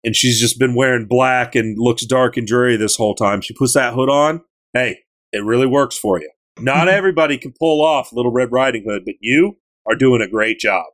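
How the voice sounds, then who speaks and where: A man chatting casually on a gaming podcast, retelling a story with animated, joking energy. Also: mid-range voice, normal speed. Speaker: podcast co-host recapping a game.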